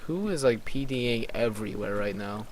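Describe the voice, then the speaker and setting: A man's voice: fairly low pitch, animated, brisk, a little hiss or hum. A man casually commenting on a game, reading other players' chat aloud with bemused asides. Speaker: let's player.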